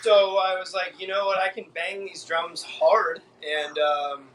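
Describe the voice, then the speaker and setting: A man with a bright, somewhat high voice jokes and rambles, full of fillers. He sounds set back from the mic, with faint noise in the room. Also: level tone, unhurried, recorded from a distance, rough recording. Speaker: band drummer. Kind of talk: casual video interview.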